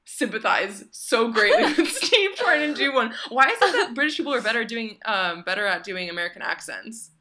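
A woman's voice: a little high, sing-song, brisk, few pauses, pushed and bright, a little hiss or hum. A young woman co-hosting a podcast, talking enthusiastically with fillers and laughter. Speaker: podcast co-host. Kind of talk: casual chat.

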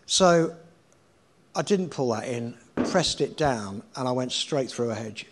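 A man's voice: medium pitch, sing-song, measured pace, slight background noise. A middle-aged man in a casual interview, telling rambling anecdotes with swearing and laughter. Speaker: guest.

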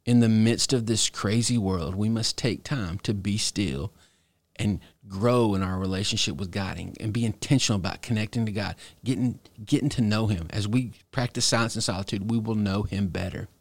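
Man, pastor, sermon, earnest and exhorting, lowish voice, dry close sound. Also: no room sound. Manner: earnest, exhorting, with slow deliberate emphasis.

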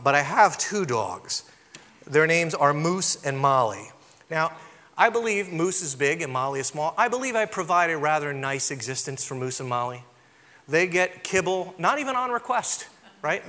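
A middle-aged pastor preaching with a high, bright, ringing voice, carried by the long reverb of a large hall. He tells stories about himself in a loose, conversational way and keeps checking in with listeners. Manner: conversational, self-deprecating storytelling with frequent "right?" asides. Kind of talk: sermon with humorous stories.

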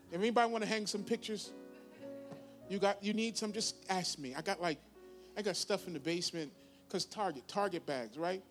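A man in his fifties preaching a sermon as pastor, swinging between loud, high bursts and quiet conversational asides. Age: 50s.

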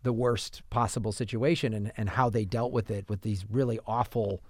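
A man's voice: fairly low pitch, steady tone, normal speed, no room sound, clean studio sound. A man co-hosting a podcast, chatting casually about films and telling rambling stories with many restarts. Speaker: podcast co-host. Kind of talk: casual film chat.

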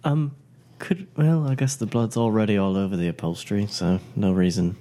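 A man's voice: on the low side, fairly even intonation, normal speed, dark tone. A man playing a tabletop role-playing game, speaking in a hesitant, offhand way. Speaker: player. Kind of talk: tabletop play.

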